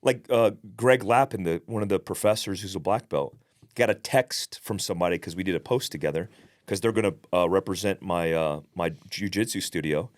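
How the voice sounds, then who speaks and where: A man's voice: low voice, brisk. A man co-hosting a podcast, telling stories in a blunt, profane, casual way. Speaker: podcast co-host.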